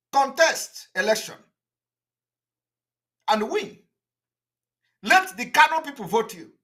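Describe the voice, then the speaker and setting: A Nigerian-accented man delivers an impassioned political address, indignant and combative. His voice is bright and edged, swinging widely in pitch as he drives each point home. He repeats short jabs and sometimes stumbles through fillers. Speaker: political activist addressing viewers.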